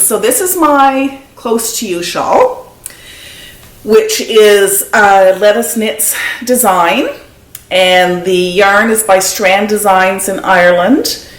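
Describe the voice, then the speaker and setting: A woman in her seventies with a medium-pitched voice hosts a knitting podcast video, speaking at a measured pace. She chats casually, rambling and getting easily sidetracked as she shows off her projects in a show-and-tell style. The room sounds echoey.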